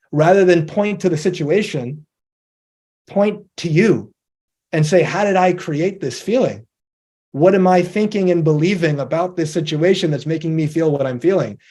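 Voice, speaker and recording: A man with a high voice delivers a motivational talk as presenter. He explains his ideas step by step and slips into quoted dialogue to act out everyday scenes. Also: warm tone.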